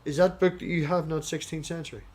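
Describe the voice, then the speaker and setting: A man with an Irish accent hosting a casual debate chat. He rambles, goes off on tangents and swears freely, and at times slows down to read scripture aloud. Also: on the high side, fairly even intonation, a little mellow. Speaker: host.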